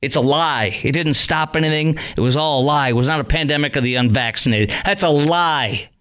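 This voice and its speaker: A man hosting a talk radio show, ranting with rising anger and then settling into calm talk to callers. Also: on the high side, fairly quick. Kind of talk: opinionated talk radio monologue.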